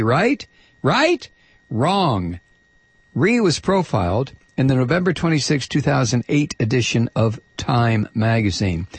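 A man's voice: medium pitch, breathy edge, dry recording. A man hosting a talk show, reading a listener's letter aloud in an emphatic, sarcastic way. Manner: emphatic, sarcastic, stretches key words.

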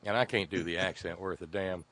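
A man's voice: sits low, steady tone, a little fast, a bit bright, no echo. A man as a guest in a casual chat, telling stories in a rambling way with many restarts. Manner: rambling, chuckling storyteller who restarts often.

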